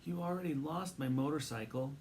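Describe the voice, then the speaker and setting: A man's voice: fairly high pitch, fairly quick, a little mellow, a little hiss or hum, voice pushed up, close to an everyday voice. A man voicing a sick, feverish boy who mumbles drowsily. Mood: drowsy.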